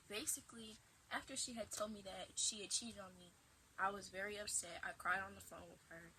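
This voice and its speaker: A woman's voice: medium pitch, a little fast, slight background noise, rough recording. A woman in her twenties telling a casual storytime vlog at home into her camera, acting out dramatic retorts as she goes. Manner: animated, acts out dramatic quoted retorts. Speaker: vlogger.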